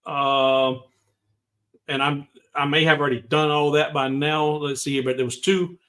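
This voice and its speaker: A man's voice: a little high, fairly even intonation, normal speed, a bit bright. Rambling man hosting a livestream. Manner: rambling, talks to chat viewers by name. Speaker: livestream host. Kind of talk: casual livestream chat.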